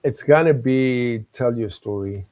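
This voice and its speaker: A man's voice: medium pitch, measured pace, darkish tone, no room sound, low-quality recording. An older man from South Africa, a talk show guest telling his life story in an earnest, chuckling manner. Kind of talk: candid interview talk.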